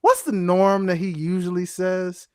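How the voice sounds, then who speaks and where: A man co-hosting a casual wrestling podcast, speaking emphatically with drawn-out stresses. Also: sits high, steady tone, smooth, no echo, studio quality. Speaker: podcast co-host.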